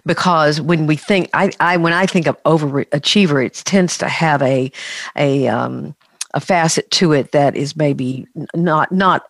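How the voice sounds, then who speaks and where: A woman psychologist explaining in a measured, thoughtful way during a conversational interview, using clinical terms. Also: sits low, no room sound. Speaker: psychologist guest.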